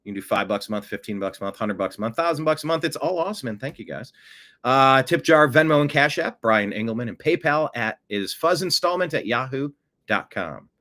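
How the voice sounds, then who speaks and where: Animated, sarcastic male commentary host. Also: medium pitch, a little fast. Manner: sarcastic, animated, mocks critics with put-on gasps and voices. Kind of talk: casual political commentary.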